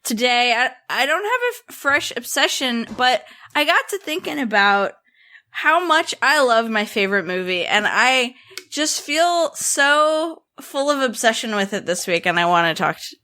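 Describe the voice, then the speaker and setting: A woman's voice: fairly high pitch, very animated, moderate pace, pushed and bright. A woman co-hosting a podcast, chatting in a wry, teasing way with frequent laughs. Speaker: podcast co-host. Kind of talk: casual chat.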